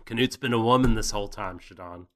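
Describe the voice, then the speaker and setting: Low-voiced man, bright and punchy. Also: quick pace. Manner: profane, jokey, rambling. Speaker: podcast co-host. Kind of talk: casual anime recap chat.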